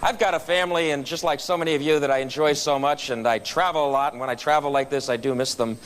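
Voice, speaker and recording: Club guest speaker, male, light high voice, story-driven and comic. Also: steady tone, fast talker. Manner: storytelling with punchlines. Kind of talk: humorous motivational speech. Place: meeting room.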